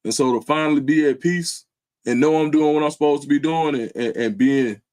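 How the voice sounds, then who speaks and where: A man's voice: fairly high pitch, brisk, darkish tone. A man hosting his own livestream, speaking in an earnest, loose way with lots of slang fillers. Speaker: livestream host. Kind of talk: casual heartfelt livestream talk.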